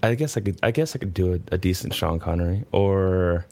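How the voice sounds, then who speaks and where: A man's voice: low voice, fairly quick, a little mellow, a little hiss or hum. A man chatting casually as a guest, easygoing and game for trying impressions on the spot. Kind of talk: casual chat.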